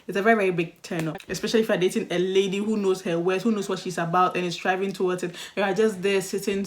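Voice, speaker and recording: A young woman talks straight to the camera in a relaxed, chatty way, giving dating advice. She is animated and expressive and slips into playful mock voices. Her pitch sits in the middle of the usual range for a woman. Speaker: vlogger. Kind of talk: casual advice vlog.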